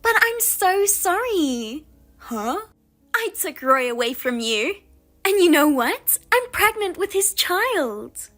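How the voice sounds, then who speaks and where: A woman's voice: sits high, lively intonation, takes it slowly, fairly bright tone, faint music behind, heavily acted. A woman voicing a smug, spiteful younger sister in a story reading, taunting and gloating. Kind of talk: audio drama reading.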